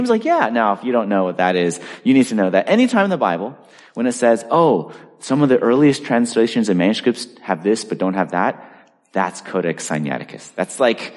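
A man preaching a sermon in a conversational style, full of asides and lively storytelling. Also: medium pitch, big-room sound. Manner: animated, conversational, lots of asides. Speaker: pastor.

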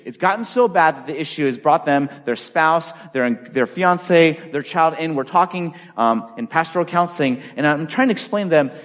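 A man in his forties, a pastor, telling personal stories in a sermon and acting out the dialogue with lively swings. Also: on the high side. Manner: animated storyteller acting out dialogue. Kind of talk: storytelling sermon. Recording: long reverb of a large hall.

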